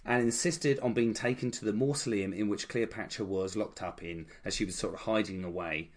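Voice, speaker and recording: Low-voiced man telling history. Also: brisk. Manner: irreverent, jokey asides. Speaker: podcast co-host. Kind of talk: casual history storytelling.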